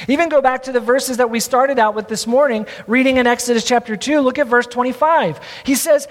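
A man's voice: very high-pitched, fairly even intonation, fairly quick, few pauses. A man preaching a sermon, reading scripture aloud and calling on the congregation to repeat the words after him. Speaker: pastor. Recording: long hall reverb.

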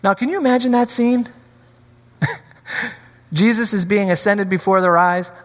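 A man preaching a sermon in a church, animated and acting out scripture scenes with changing voices. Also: high voice, measured pace. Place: church sanctuary. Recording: long hall reverb.

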